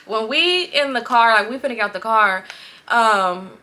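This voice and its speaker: Bright-voiced young woman telling a story. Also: fairly high pitch, normal speed. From Los Angeles. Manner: animated, profane, laughing often. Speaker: vlogger. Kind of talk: casual storytime.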